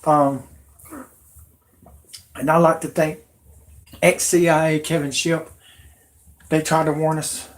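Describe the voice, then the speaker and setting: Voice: mid-range voice, level tone, slow pace, long pauses. Agitated, rambling livestream ranter. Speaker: livestream host. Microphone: computer mic.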